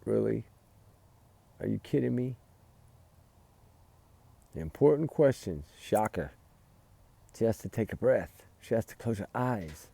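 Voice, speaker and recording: A man vents in heated, emphatic commentary, his low voice rough with gravel. The tone is dark and dull. He talks outdoors at night beside a fire pit. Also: expressive, measured pace, long pauses, no room sound. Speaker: true-crime vlogger. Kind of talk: casual commentary.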